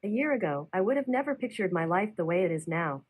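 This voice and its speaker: A gloomy smart speaker, voiced by a woman, recites bleak sayings in a flat, sad way. Her voice sits at an ordinary pitch for a woman. A faint hiss runs under the recording. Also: fast talker, lightly acted, rough recording.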